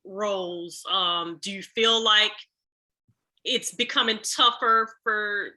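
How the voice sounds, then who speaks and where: A woman hosting an interview, asking her questions haltingly with lots of ums, then getting lively when she retells a funny sketch. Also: medium pitch. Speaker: podcast host. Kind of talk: casual interview chat.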